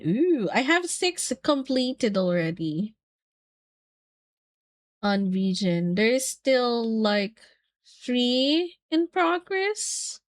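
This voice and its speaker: A woman's voice: mid-range voice, no echo. A young woman streaming, chatting casually with friends, giggling and squealing as she gushes. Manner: giggly, squealing, gushing with excitement.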